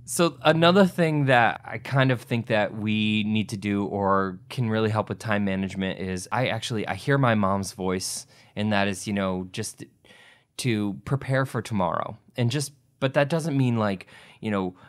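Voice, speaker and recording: A man's voice: on the low side, normal speed. A man co-hosting a podcast, talking casually and self-deprecatingly, often restarting his sentences. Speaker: podcast co-host. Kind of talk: casual conversation.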